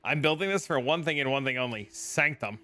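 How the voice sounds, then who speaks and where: A man streaming a game, chatting casually with viewers, profane and animated when telling a story. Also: mid-range voice, a little fast, soft background music. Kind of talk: casual chat.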